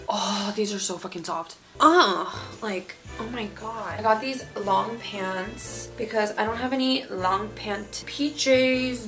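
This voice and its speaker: Chatty young woman with vocal fry. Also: mid-range voice, a bit bright. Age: young adult. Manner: chatty and candid, swears casually. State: sleep deprived. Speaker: college student vlogger. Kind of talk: casual vlog chat.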